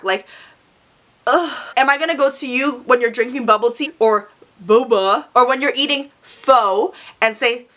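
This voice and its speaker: Woman, vlogger, storytime, sassy and foul-mouthed, fairly high voice, bright tone. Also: normal speed. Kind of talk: storytime vlog.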